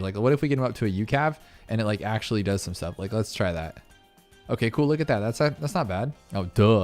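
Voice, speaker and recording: A young man giving casual, excitable gameplay commentary, thinking aloud with lots of fillers as he tries things and reacts. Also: fairly low pitch. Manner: fast, excitable, full of fillers and self-talk. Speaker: gaming channel host. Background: faint game music.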